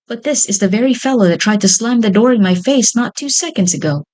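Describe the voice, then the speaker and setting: An earnest, polite young boy, a woodcutter's son, speaking in a light, slightly raised voice, as a woman storyteller puts him on. He sounds sincere and quick, like a boy in a storybook. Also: a little high, lively intonation, a little mellow, voice pushed up, lightly acted.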